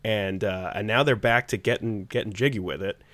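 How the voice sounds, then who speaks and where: A man's voice: lowish voice, fairly quick, fairly bright tone, no echo. A man who is a comedy podcast guest, riffing in a laid-back, hesitant way. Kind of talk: comedic panel banter.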